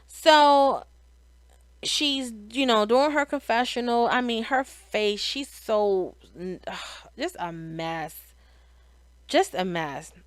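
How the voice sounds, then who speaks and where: A middle-aged woman talks through a reality show episode in a slow, easygoing way, full of sighs, asides and restarts. Her voice is smooth and clear. It is recorded close and dry, with no room echo. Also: on the high side. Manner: chatty, opinionated, frequent sighs and restarts. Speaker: reality show recap host. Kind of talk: casual recap commentary.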